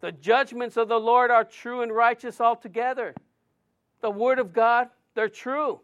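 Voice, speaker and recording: This is a male pastor delivering a sermon with a noticeably high voice. He preaches emphatically, stacking short phrases one after another to drive each point home. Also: steady tone, a little slow, fairly bright tone, clear, resonant tone, highs cut off.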